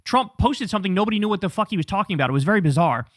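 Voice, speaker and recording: A man's voice: high voice, expressive, rapid-fire, dry recording, clean studio sound. A man hosting political commentary, talking casually in a blunt, profane and incredulous way.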